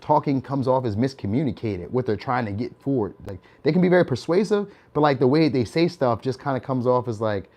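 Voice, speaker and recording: A man's voice: mid-range voice, expressive, brisk, hardly any pauses, a little mellow. Young male tarot reader with a mid-range voice. Loose, chatty delivery with frequent laughs. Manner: chatty, laughs often, tags lines with "all right?". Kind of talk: casual tarot reading.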